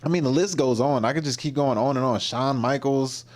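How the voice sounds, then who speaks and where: A man casually commenting on clips during his livestream, rambling and circling back as he searches for words. His voice sits at a middling pitch, neither high nor low. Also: a little fast, a little mellow. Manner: rambling, with lots of fillers and restarts. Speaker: livestream host.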